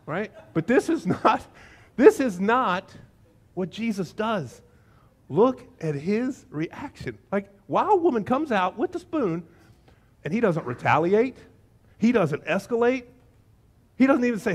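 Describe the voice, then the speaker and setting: A middle-aged male pastor preaching a sermon, telling the story with animated energy and acting out the voices. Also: high-pitched, normal speed.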